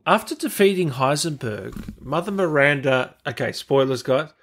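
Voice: medium pitch, animated, normal speed, fairly bright tone. Enthusiastic interview host. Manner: enthusiastic, complimentary. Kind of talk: casual interview, reading viewer questions.

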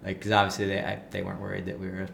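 A man telling a story in casual conversation, full of fillers like "like" and "um," and getting animated when he quotes other people. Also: low-pitched, rapid-fire, gravelly, a little hiss or hum. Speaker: guest.

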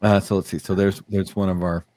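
Sardonic man, low voice. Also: little pitch movement, fairly quick, darkish tone, no room sound. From United States. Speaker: podcast host. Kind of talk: casual podcast chat, reading news aloud.

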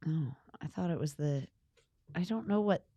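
A woman co-hosting a podcast in casual chat, giggly and animated, often breaking into laughter. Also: deep voice, normal speed, dry recording. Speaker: podcast co-host.

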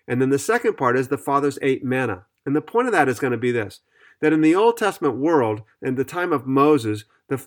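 On a podcast Bible study, a man with a medium-pitched voice reads scripture aloud and explains it in an earnest, methodical way.

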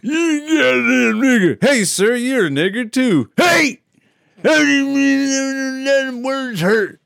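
A man's voice: extremely high pitch, animated, slow, gravelly, fairly bright tone, clear, resonant tone, no room sound, clean studio sound, pitched above the performer's own voice, exaggerated voice. A man mocking a belligerent rural bigot with a raised, drawling voice.

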